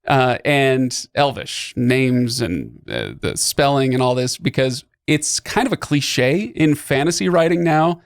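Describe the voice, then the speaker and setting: Gravelly-voiced man hosting a podcast. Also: medium pitch, sing-song, a little slow, few pauses, dry recording, studio quality. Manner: explains at length with many fillers and restarts. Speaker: podcast host. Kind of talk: casual podcast discussion.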